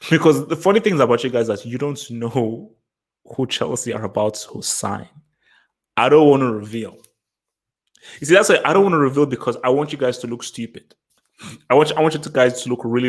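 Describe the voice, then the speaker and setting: A man hosting a live football fan stream. He taunts his chat, repeats himself, and keeps laughing at the viewers. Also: mid-range voice. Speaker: host of a football fan show.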